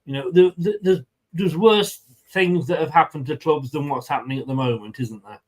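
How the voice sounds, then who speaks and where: A man hosting a casual fan live stream. He chats loosely with plenty of fillers and reads viewer comments aloud, his voice sitting a little high. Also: normal speed, darkish tone. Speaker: fan channel co-host.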